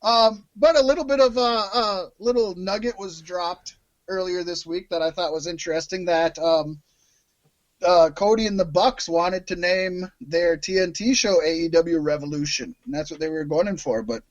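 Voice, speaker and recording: A man's voice: high-pitched, moderate pace. A man co-hosting a casual wrestling podcast, rambling and joking with frequent laughter. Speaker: podcast co-host. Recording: dull lo-fi sound, dry.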